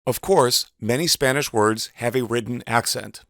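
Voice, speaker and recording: A man giving a measured, precise instructional voice-over as a teacher. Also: mid-range voice, fairly bright tone, dry recording, studio quality. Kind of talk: scripted instructional narration.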